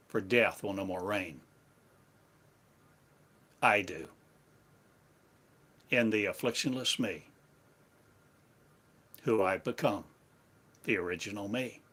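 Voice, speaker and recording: A man delivers a spiritual sermon in short, halting phrases that circle back on themselves like an incantation. His voice sits low. He moves through the words very slowly. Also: fairly bright tone. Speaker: spiritual teacher. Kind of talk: slow meditative sermon.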